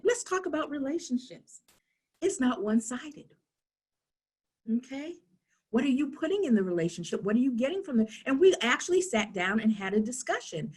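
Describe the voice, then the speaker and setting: Husky-voiced middle-aged woman speaking animatedly. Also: on the high side. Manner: animated, asks rhetorical questions, acts out dialogues. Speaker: town hall speaker on youth. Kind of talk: conversational public talk.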